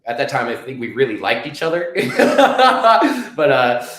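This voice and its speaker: A man's voice: mid-range voice, fast talker. Rambling man in an echoey room. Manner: rambling, many restarts and fillers. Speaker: guest. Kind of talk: casual interview storytelling.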